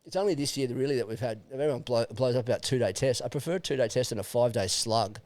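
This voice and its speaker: A man's voice: mid-range voice, rapid-fire. A middle-aged Australian man, a podcast guest, talking bluntly and with plenty of swearing in casual chat. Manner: blunt, animated, swears freely.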